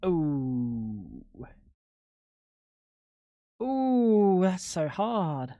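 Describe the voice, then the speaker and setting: A man's voice: lively intonation, moderate pace, no room sound, dull audio. Joking young male streamer, dry close sound. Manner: loose and joking, swears freely, talks straight to chat; jumps into high, incredulous squeaks when baffled. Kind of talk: casual live-stream chatter to chat.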